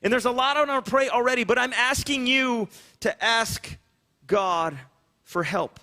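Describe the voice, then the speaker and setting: Bright high-voiced man pastor preaching. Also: measured pace. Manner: earnest, repetitive pleading cadence. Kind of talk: sermon. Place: church sanctuary, also streamed online.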